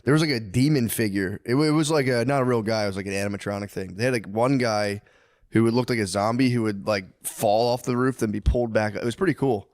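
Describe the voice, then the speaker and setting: A man's voice: fairly low pitch, fast, a little mellow, dry recording. A man co-hosting a podcast in casual banter, rambling loosely, swearing often and laughing a lot. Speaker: podcast co-host.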